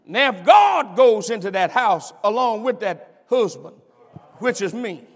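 An older man preaching a sermon, stammering and repeating himself, swinging between shouts and asides and asking the congregation "am I right about it.". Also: high voice, sing-song, a little slow. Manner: stammers and repeats words, bursts into shouts and laughter. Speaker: pastor. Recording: long hall reverb.

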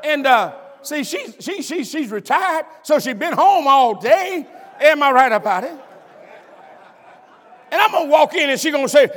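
An older man preaching a sermon, stammering and repeating himself, swinging between shouts and asides and asking the congregation "am I right about it.". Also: very high-pitched, sing-song, normal speed, a faint crowd. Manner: stammers and repeats words, bursts into shouts and laughter. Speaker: pastor. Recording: long hall reverb.

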